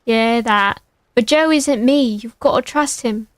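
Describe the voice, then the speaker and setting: A woman's voice: on the high side, measured pace, no room sound, close to an everyday voice. A woman voicing a sleepy, theatrical young man who scolds a friend. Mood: dramatic.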